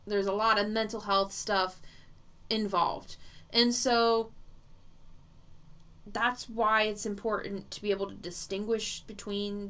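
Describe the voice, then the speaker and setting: A woman's voice: mid-range voice, a bit bright, clean tone. A woman psychic medium chatting casually on a livestream, reading viewer comments aloud and laughing often as she rambles.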